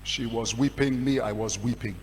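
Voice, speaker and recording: A man, a pastor giving a testimony sermon with passionate storytelling that surges in pitch and volume. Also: normal speed. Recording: long hall reverb with faint hum.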